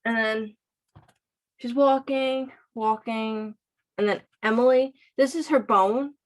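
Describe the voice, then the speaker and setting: A woman's voice: on the high side, steady tone, slow. A woman reading a graphic novel passage aloud and explaining it. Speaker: reader presenting a book.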